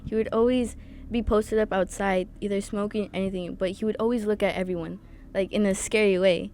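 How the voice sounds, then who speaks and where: A woman's voice: medium pitch, steady tone, brisk, a little mellow. Young woman guest on a podcast, telling a story in bits and pieces, laughs a lot, faint hiss behind. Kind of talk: casual chat.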